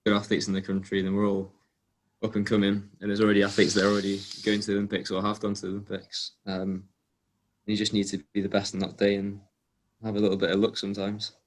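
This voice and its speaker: With slight background noise behind him, a young adult guest athlete from England speaks quickly in a casual interview. His somewhat low, fairly flat voice moves through relaxed stories full of ums and small restarts.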